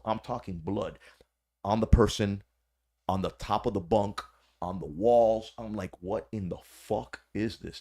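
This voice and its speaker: A man's voice: fairly low pitch, a little mellow. A man, a former corrections officer, telling a story as a podcast guest in a casual, profane, slangy way.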